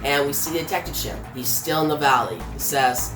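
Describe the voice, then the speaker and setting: Low-voiced woman recapping a comic. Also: a little fast, a bit bright. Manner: plain retelling with filler. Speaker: comic reviewer. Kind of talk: casual plot recap. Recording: roomy with faint music.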